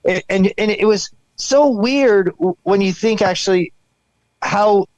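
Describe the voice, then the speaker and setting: A man talking as a guest on a podcast, telling stories in a rambling, animated way and acting out the sounds and quotes in them. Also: sits high, measured pace, dry recording, muffled recording. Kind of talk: casual podcast conversation.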